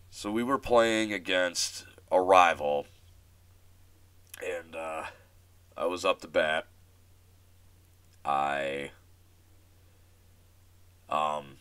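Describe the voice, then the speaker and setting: A young man hosts his own show and tells a story in a loose, rambling way, full of restarts and self-deprecating asides. His voice is low and smooth, recorded dry and close. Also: fairly bright tone, no room sound. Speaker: podcast host. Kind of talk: casual storytelling monologue.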